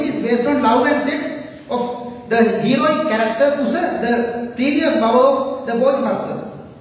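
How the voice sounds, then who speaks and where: A woman with a high voice gives an academic lecture, pausing often with fillers and correcting herself as she goes. She is recorded from a distance in a large room with a long, heavy echo. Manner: halting, with frequent fillers and self-corrections. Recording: echoey hall, mic far off.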